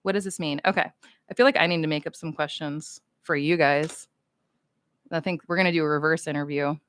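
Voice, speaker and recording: A woman's voice: deep voice, steady tone, brisk, fairly bright tone. A woman from the United States, chatting casually on a livestream with fans, goofy and rambling as she reads chat comments aloud.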